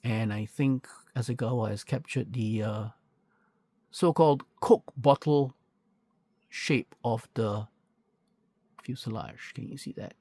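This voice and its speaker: A scale model reviewer does an unboxing walkthrough, going over a kit's parts in chatty, pedantic casual commentary packed with fillers and self-corrections. His mid-range voice is slow and a little mellow, with long pauses and no echo.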